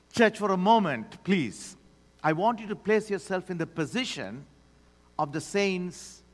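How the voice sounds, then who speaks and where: A man preaching a sermon as pastor, swinging from quiet low asides to loud commands. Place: church sanctuary. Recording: long hall reverb.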